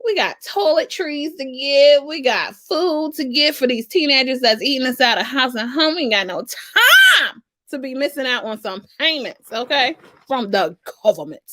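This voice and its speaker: Bright, animated woman coach. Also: sits high, normal speed. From Southern United States. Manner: animated and sassy, with frequent "okay?" check-ins. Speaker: financial coach and channel host. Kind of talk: casual advice vlog.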